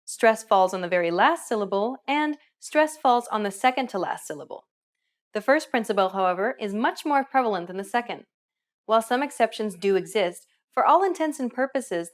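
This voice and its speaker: A woman narrating a scripted language lesson in an upbeat, explanatory way, asking the learners questions. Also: medium pitch.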